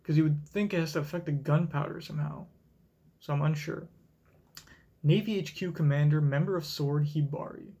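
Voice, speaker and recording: Excitable young man reacting live. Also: fairly high pitch, normal speed, husky. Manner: excitable, profane, thinking aloud. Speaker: reaction streamer. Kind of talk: live manga reading reaction.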